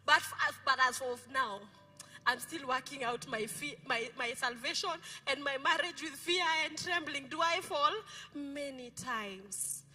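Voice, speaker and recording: A middle-aged Kenyan woman pastor preaches in a high, very bright voice. She is playful and keeps asking her congregation questions. Soft music plays under her. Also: unhurried. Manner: playful, code-switching, asks the congregation questions. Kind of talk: lively sermon. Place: church.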